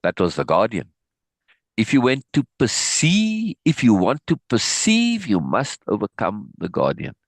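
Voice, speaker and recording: A man reading the part of a calm, amused old male sorcerer teacher, low and matter-of-fact. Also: measured pace, no room sound, studio quality, full character voice.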